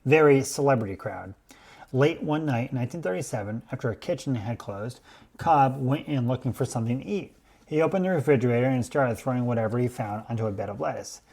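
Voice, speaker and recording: Calm man explaining food history. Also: medium pitch, gravelly. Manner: measured, explanatory storytelling. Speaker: podcast host. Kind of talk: scripted explainer podcast.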